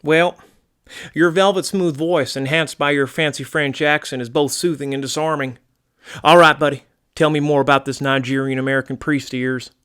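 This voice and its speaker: A brash, gun-loving country man, as a man puts him on, blustering and crude with a folksy drawl to his phrasing. The voice rides fairly high with a bright, forceful edge. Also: fairly even intonation, moderate pace, clean tone, natural voice. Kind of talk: comedy sketch acting.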